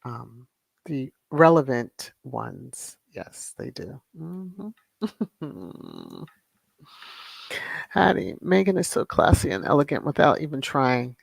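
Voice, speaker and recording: A livestream host chats at an easy, unhurried pace, and the voice has a gravelly fry. The host greets viewers by name, laughs often and reads their comments aloud. The sound is close and dry. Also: medium pitch, huge pitch swings, dry recording. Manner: drawn-out, unhurried delivery with frequent fillers. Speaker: channel host. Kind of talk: casual livestream chat, reading viewer comments.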